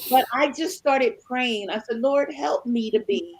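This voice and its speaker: A middle-aged woman co-hosting a podcast, telling a story with lively acted-out dialogue. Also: sits high, measured pace, husky, low-quality recording. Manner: animated storyteller, acts out dialogue. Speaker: podcast co-host. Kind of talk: storytelling chat.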